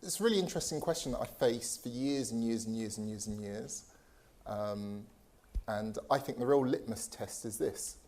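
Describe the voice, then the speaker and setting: A man from England speaking on a panel at a live event, into a microphone, deliberate and emphatic, posing rhetorical questions. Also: mid-range voice, a little mellow. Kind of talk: panel discussion speech. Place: event hall with audience. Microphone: handheld microphone.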